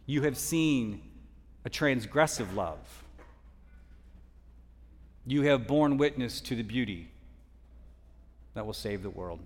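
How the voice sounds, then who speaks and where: A man of middle pitch preaches a sermon in a church hall, with a long reverb trailing his words. He tells his story dynamically, sinking to near-hushed tones and then lifting his voice for emphasis. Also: lively intonation, takes it slowly, pauses often. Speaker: guest preacher.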